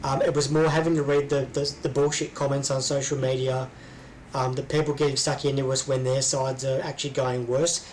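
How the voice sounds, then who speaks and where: A man's voice: mid-range voice, little pitch movement, a little fast, darkish tone, a little hiss or hum, low-quality recording. An Australian man co-hosting a casual chat, rambling with lots of ums and restarts. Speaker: podcast co-host.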